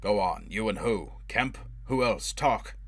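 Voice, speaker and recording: Low-voiced narrator as a relentless avenger, harsh, pushing, audiobook. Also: male voice, animated, unhurried, creaky, fairly bright tone, dry recording, full character voice. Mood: menacing. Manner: harsh, driving interrogation. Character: brutal, obsessed man hunting for revenge. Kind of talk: audiobook character voice.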